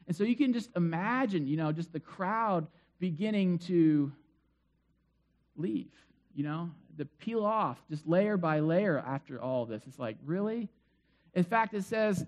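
A man's voice: sits high, a little mellow. A male pastor giving a sermon in a chatty storytelling way, full of asides. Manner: conversational storytelling with many asides.

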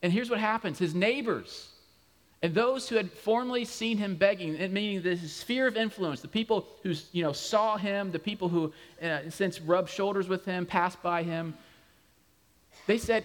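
A male pastor giving a conversational sermon, animated and full of humorous asides. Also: high voice, normal speed. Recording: long hall reverb.

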